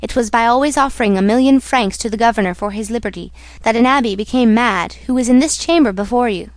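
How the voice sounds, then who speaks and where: A woman's voice: a little high, quick pace, no room sound, lightly acted. A woman voicing a wary, dismissive male jailer in an audiobook reading. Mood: warning. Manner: dismissive, scolding. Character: gruff middle-aged male jailer, wary.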